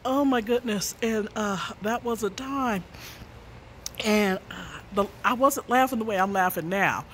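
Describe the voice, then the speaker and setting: A woman's voice: fairly high pitch, measured pace, a bit bright, slight background noise. A woman, an author, telling a story casually and laughing through her own words.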